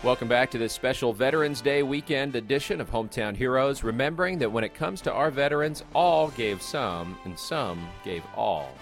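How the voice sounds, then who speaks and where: A male radio host reading a scripted introduction in a measured, formal way. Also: mid-range voice, lively intonation, over music.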